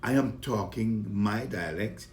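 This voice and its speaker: Deep-voiced Vincentian man. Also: slow, darkish tone, reverberant, a little hiss or hum. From Saint Vincent. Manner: earnest, heated at times, with many fillers and restarts. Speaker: comedian. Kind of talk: casual talk about his upbringing.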